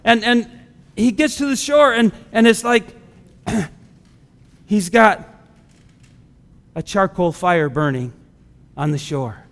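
A man's voice: high-pitched, slow pace, pauses often, a bit bright. A male pastor preaching a sermon in a conversational way, now and then acting out the people he quotes, recorded in a church sanctuary. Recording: long hall reverb.

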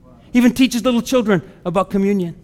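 A male pastor in a church sanctuary preaches in an easy, conversational way and slips into voices for the people he quotes. His voice sits high for a man. Every phrase rings out with the long reverb of a big hall. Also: quick pace, a little mellow. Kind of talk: sermon.

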